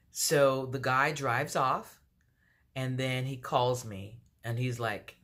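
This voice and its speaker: A woman's voice: a bass voice, fairly even intonation, measured pace, fairly bright tone. A woman from D.C. telling a personal story to camera as a vlogger, acting out both sides of the dialogue with lots of fillers. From Washington, D.C. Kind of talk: storytime monologue.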